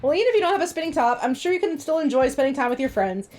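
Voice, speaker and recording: A woman reading the lines of a kind grown man in a calm, dry manner, a little lower than her own voice. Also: very fast, faint music behind.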